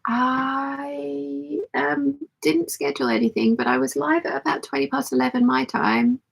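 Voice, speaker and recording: A woman with a hoarse, croaky voice, chatting casually and rambling as she sews and answers a live chat. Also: high-pitched, flat delivery, a little slow, faint music behind. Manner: rambling, self-deprecating, chatty. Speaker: sewing livestream host. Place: home sewing studio.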